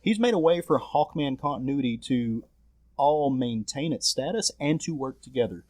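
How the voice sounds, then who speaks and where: A man's voice: medium pitch, expressive, normal speed, darkish tone. A man hosting a casual podcast chat about comics, enthusiastic and prone to restarts. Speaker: podcast host leading the discussion.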